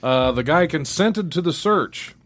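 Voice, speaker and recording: A man's voice: a little high, lively intonation, unhurried, a bit bright, dry recording. A man hosting a casual comedy podcast, reading out strange news stories with wry asides and frequent laughter.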